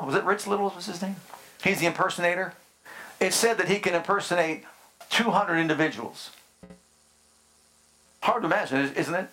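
Male pastor, middle-aged, slightly high voice; deliberate, drawn-out sermon delivery with questions to the flock. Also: fairly bright tone. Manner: emphatic preaching with slow drawn-out phrases and rhetorical questions.

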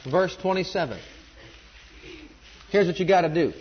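A man's voice: sits high, normal speed, muffled recording, slight background noise. A man preaching a sermon and calling on the congregation to join in. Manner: emphatic, calls on the congregation to respond.

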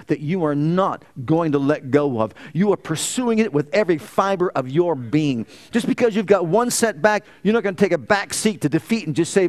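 A male pastor preaching a fervent sermon full of rhetorical questions and exclamations. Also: sits high.

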